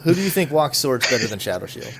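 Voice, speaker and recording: A man's voice: mid-range voice, sing-song, quick pace, gravelly, noisy background. A man hosting a casual gaming podcast, talking in a chatty, opinionated, rambling way. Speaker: podcast host. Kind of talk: casual esports podcast chat.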